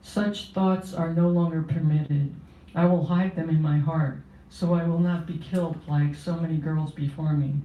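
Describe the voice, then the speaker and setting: A poet at a cafe open mic, giving a measured, solemn reading of a first-person poem. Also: mid-range voice, fairly even intonation, warm tone. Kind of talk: poetry reading. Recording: roomy cafe sound from a distance.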